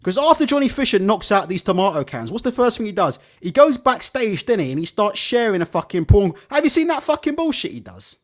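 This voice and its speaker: A man's voice: high-pitched, brisk, hardly any pauses. A man hosting a live boxing stream, swearing and sarcastic in his commentary. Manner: profane, sarcastic, animated. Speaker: boxing show host.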